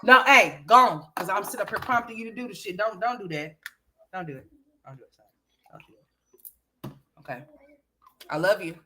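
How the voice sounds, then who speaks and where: A woman's voice: medium pitch, brisk, long pauses, bright, forceful tone. A woman hosting a casual livestream, playfully scolding and teasing her young sons. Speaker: livestream host.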